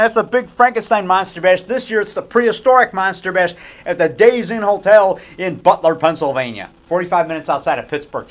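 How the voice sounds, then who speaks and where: This high-pitched, slightly fast-talking man from the Chicago area makes and acts in horror movies. Vlogging casually from a small framing shop, he rambles, plugs himself, and repeats lines like a showman.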